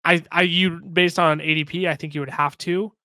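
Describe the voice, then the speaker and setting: A man co-hosting a podcast, giving brisk, opinionated and jokey fantasy football picks in casual chat. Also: a little high, fairly even intonation, pushed and bright, no echo. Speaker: podcast co-host.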